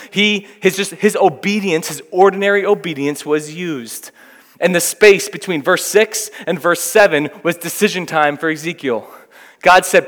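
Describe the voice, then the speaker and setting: A man's voice: on the high side, fairly bright tone. A man preaching a sermon, reading scripture aloud and then explaining it with rising emphasis. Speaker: pastor. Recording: long reverb of a hall.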